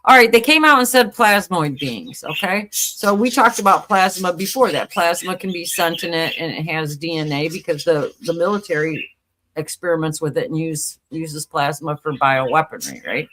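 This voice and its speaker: A woman co-hosting a casual talk show, speaking in an animated way with frequent restarts. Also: low-pitched, moderate pace. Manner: animated, laughing, talks through ideas in restarts. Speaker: co-host.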